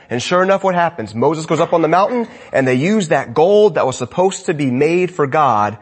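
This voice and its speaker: A man preaching a sermon as pastor, swinging between loud emphatic lines and quiet asides. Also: a little high, expressive, moderate pace, hardly any pauses, slightly rough.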